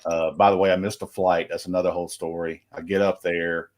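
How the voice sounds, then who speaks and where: Deep-voiced man telling a long story. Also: level tone, fairly quick. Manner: rambling anecdotal with quoted dialogue. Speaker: recruiting reporter. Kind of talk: casual storytelling.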